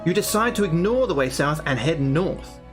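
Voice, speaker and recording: A man reads the passages of a fantasy gamebook aloud, then drops into casual, profane chatter with his stream audience. His voice sits a little high for a man. Soft music plays quietly underneath. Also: animated, moderate pace. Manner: chatty, swears freely, talks to his viewers. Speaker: livestreamer playing a solo gamebook.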